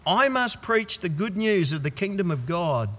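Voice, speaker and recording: An Australian man voicing a calm, resolute Jesus in a measured, plain way, in a church. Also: high voice, exaggerated voice. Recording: long church reverb.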